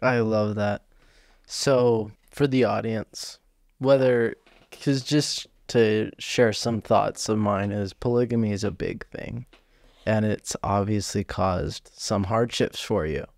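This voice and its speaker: A male podcast host sets up his question for the guest slowly and deliberately. His voice sits somewhat low. The sound is dry and close, with no echo. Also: steady tone, gravelly, a little mellow. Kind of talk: interview questions. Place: podcast studio.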